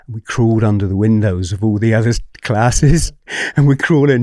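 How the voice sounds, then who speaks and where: A man with a fairly low voice tells his story to a podcast host, animated and blunt, swearing freely and often checking in with his listener. The recording is dry and close with no room sound. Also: fairly quick, few pauses, no echo. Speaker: podcast guest. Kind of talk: candid storytelling interview.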